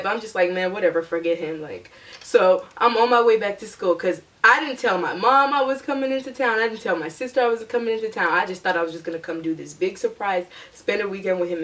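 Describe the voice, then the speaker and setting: A young woman vlogger telling a storytime in a chatty, animated way, acting out her own past lines. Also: medium pitch, a little fast, distant mic. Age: young adult. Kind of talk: storytime vlog.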